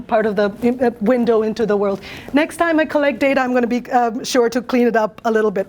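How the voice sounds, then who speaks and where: A woman's voice: on the high side, a little mellow. A middle-aged woman professor, a native Bengali speaker, presenting her research earnestly and thoughtfully, with frequent fillers and restarts.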